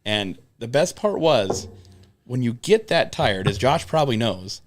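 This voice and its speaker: In an unhurried, medium-pitched voice, a young podcast co-host spins road stories in casual conversation. He's an animated storyteller who curses without holding back and acts out other people's words.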